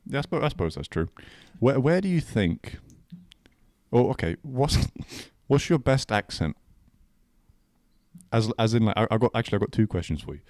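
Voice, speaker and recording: A man's voice: medium pitch, very animated, darkish tone, no echo, clean studio sound. A young man from England with an English accent, co-hosting a casual podcast chat in a joking, playful way. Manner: joking, playful, quick to mimic voices. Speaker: podcast co-host.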